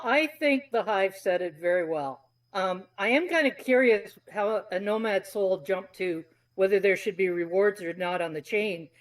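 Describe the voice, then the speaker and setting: A woman in a casual online discussion, raising a measured question. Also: medium pitch. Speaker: community panelist.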